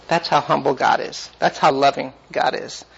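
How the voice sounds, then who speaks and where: A man leads a Bible class, putting question after question to the class and giving each point animated emphasis. His voice sits in a middle register. The recording is muffled and lo-fi. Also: medium pitch, normal speed, vocal fry, slightly rough.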